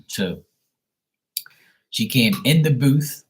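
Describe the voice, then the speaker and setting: A man's voice: mid-range voice, lively intonation, extremely slow, husky. A man hosting a live stream who tells stories in a rambling, blunt, profane way. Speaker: live tarot reading host. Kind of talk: casual storytelling on a live stream.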